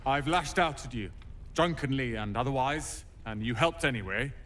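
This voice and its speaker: An actor playing a bitter, drunk young man who shouts at his family and then apologizes in a game. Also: medium pitch, lively intonation, moderate pace, a little hiss or hum, natural voice. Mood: apologetic.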